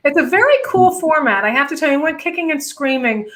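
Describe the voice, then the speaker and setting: A woman hosting a casual video chat with comedian friends, joking with dark humor. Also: high voice, animated, quick pace, low-quality recording. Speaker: host.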